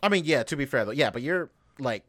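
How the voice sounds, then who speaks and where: A man's voice: medium pitch, expressive, fast talker, a bit bright, dry recording. Casual, swearing young man venting. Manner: rambling, profane venting with lots of fillers. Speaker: podcast host. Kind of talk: casual podcast chat.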